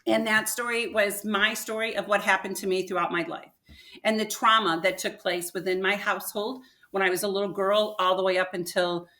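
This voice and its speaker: An older woman, a podcast guest, telling a personal story in an animated way and acting out what people said. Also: mid-range voice, fairly quick.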